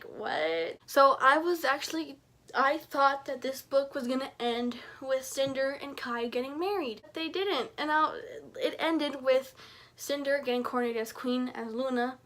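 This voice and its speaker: A young woman reviewing books in a casual vlog, chatty and excitable, jumping up in pitch when she acts out her own reactions. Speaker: book reviewer.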